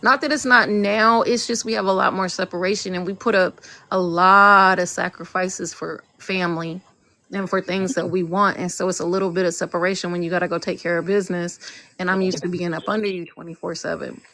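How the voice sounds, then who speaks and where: A woman co-hosting a live podcast, talking in a calm, earnest, casual way. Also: fairly low pitch, brisk, no echo. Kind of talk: casual chat.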